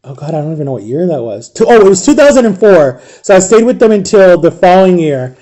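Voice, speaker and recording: A man in his thirties with a slightly high, mellow voice tells a story from his own life. He rambles casually and lets his voice fall almost to a hush when the memories get heavy. He is from Ohio. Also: very animated, fast. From Ohio, USA. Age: 30s. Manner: rambling, softens to a hush at emotional moments. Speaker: vlogger.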